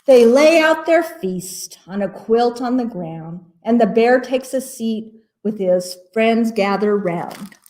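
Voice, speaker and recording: A woman reading a rhyming picture book aloud for a library storytime, playful and expressive, with asides about the pages. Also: fairly high pitch, takes it slowly, few pauses.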